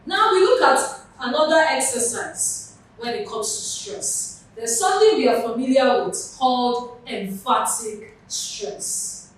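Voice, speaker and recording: A woman's voice: high voice, animated, slow, a little hiss or hum. Nigerian woman tutor in an echoey room. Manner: explains patiently with examples and questions. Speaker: English tutor. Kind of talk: exam prep lesson. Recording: very echoey room, mic far off.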